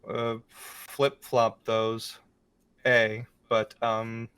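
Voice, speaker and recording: A young man co-hosting a casual chat show, answering rapid questions with dry wit and some laughter. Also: mid-range voice, completely flat delivery, fairly bright tone, clear, resonant tone. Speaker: podcast co-host.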